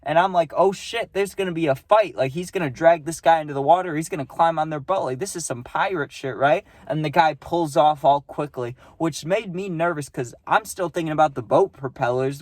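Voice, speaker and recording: A man's voice: on the high side, darkish tone, no echo. A young man, rambling through a casual storytime and tagging lines with "right?". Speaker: vlogger.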